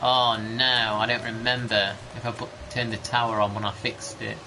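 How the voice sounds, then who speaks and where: A man's voice: fairly low pitch, flat delivery, moderate pace. A man, rambling chattily through gameplay commentary with casual mild swearing. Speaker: gaming streamer. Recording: background noise.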